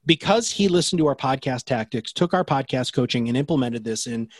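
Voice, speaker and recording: A man who runs a podcast production company, answering interview questions in a fast, enthusiastic, salesy way. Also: medium pitch, lively intonation, no room sound.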